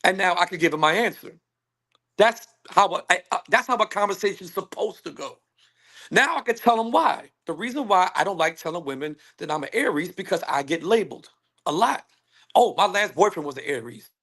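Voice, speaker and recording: A man speaking on a panel call, emphatic and animated, acting out what others say to him. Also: sits high, a little fast. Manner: animated, emphatic, acts out quoted women. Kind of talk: casual panel discussion. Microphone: phone on a call.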